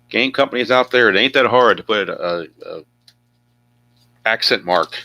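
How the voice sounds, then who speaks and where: A man's voice: on the low side, pushed and bright. A man narrating his own tabletop baseball game play by play, chatty and thinking aloud with asides.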